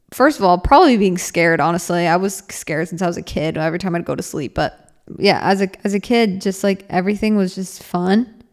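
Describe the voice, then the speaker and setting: A young woman hosting her own podcast, thinking aloud in a loose, earnest ramble. Her voice sits in an ordinary middle register, and she fills her sentences with casual fillers. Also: medium pitch. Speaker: podcast host. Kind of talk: casual reflective solo podcast.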